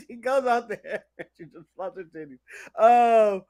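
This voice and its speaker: A man's voice: very high-pitched, animated, slow. An American man co-hosting a wrestling recap show, chatting casually, joking and laughing often as he riffs. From United States. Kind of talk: casual podcast banter.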